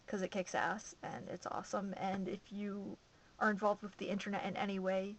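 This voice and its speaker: Young woman vlogger from Massachusetts; chatty, rambling delivery, filler-heavy, mid-range pitch. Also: flat delivery, moderate pace, rough recording. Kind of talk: casual chat to camera.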